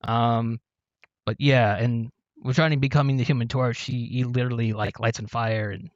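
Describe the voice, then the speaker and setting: A man's voice: mid-range voice, flat delivery, normal speed, no echo. A man hosting a casual talk about comics, recapping plots with many ums and restarts. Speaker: podcast host. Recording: dull, dry lo-fi sound.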